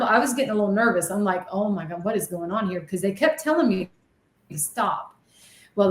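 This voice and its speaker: A woman who works as a medium and ghost hunter, telling her stories animatedly as a guest in an interview, acting out the voices she remembers. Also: a little high. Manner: animated, excitable storytelling with dramatic re-enactments. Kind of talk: storytelling in an interview. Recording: echoey room.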